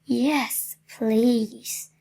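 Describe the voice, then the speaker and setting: A thin, hungry, sly wolf from a storybook, read by a woman. He speaks slowly and slyly with a gravelly, husky rasp. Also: fairly high pitch, fairly even intonation, mellow, full character voice.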